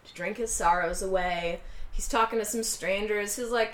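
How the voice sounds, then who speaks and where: A woman casually recapping a film, acting out the characters' lines in quick voices as she tells it. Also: fairly high pitch, reverberant. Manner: animated retelling, acting out quotes in quick voices. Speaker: podcast co-host recapping a film. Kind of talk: casual chat.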